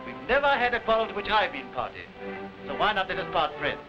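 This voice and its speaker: A cheerful, warm-hearted young nephew with a British accent, earnest and pleading. His voice is high and swings widely in pitch. The sound is a dull 1930s film track with music beneath. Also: big pitch swings, fast. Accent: British English.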